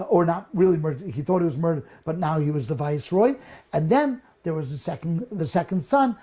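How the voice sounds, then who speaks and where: Mellow-voiced man retelling a story casually. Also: sits high. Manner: casual, talks to listeners directly, frequent restarts. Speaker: rabbi. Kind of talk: storytelling lesson.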